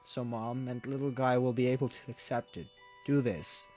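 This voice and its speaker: Young guy doing a dying dad, tender and soft, voice fading, quiet game music under it. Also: medium pitch, little pitch movement, moderate pace, lightly acted. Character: dying gentle middle-aged father.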